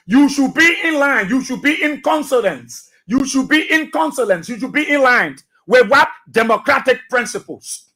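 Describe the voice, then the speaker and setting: A man's voice: extremely high pitch, expressive, normal speed, few pauses, pushed and bright. A man with a Liberian English accent hosting a radio talk show, delivering emphatic commentary with repeated phrases and rhetorical questions. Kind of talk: commentary monologue. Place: radio studio.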